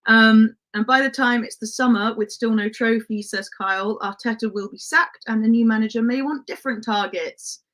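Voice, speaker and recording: A woman's voice: fairly high pitch, fairly even intonation, moderate pace, few pauses, fairly bright tone. A woman who grew up in Spain hosts a casual livestream, reading viewer comments in a chatty way and laughing often, with lots of "um" and "like". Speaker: livestream host.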